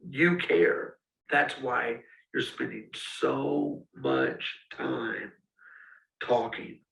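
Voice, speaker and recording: A man's voice: medium pitch, huge pitch swings, extremely slow, creaky, fairly bright tone. A man giving a casual, direct teaching talk to student ministry leaders. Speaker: youth ministry coach. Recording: roomy, speaker far from mic.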